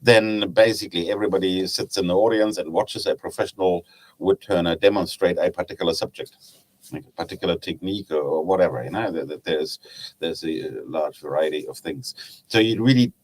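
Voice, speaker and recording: A man's voice: sits low, a little fast, darkish tone. A middle-aged man with a German accent, a guest chatting casually on a podcast about his woodturning club. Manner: chatty, hesitant restarts, laughs at own stories. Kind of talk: casual podcast chat, storytelling.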